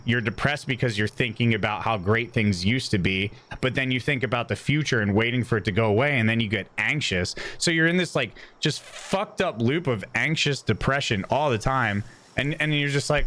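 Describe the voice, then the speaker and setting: A man's voice: mid-range voice, fairly bright tone. A man streaming, talking casually and candidly, rambling with many restarts and frequent swearing. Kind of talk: casual chat.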